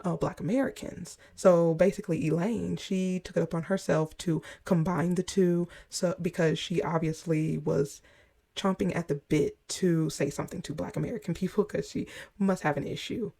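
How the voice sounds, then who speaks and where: Gravelly woman hosting commentary. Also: fairly low pitch, steady tone, mellow. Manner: measured, explanatory, with frequent ums. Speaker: commentary channel host. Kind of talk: reaction commentary.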